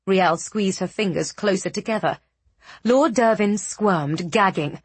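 A woman narrating a fantasy novel with measured, dramatic storytelling. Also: medium pitch, breathy edge, no room sound. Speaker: audiobook narrator.

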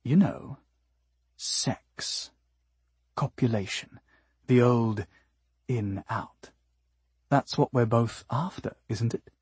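A blunt, eager alien woman, as a male narrator puts her on, talks in a hushed, breathy, matter-of-fact way and takes offence easily. The storybook voice has a husky grain and sounds close and dry. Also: mid-range voice, sing-song, slow pace, long pauses, dry recording, exaggerated voice.

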